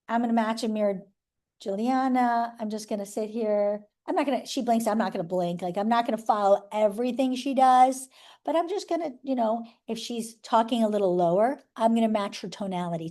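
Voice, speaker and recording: Speaking a little fast with a darkish tone and fairly high pitch, the workshop presenter teaches a live sales-skills seminar to a roomful of people. She keeps it chatty, jokes in asides, and frequently adds "right?"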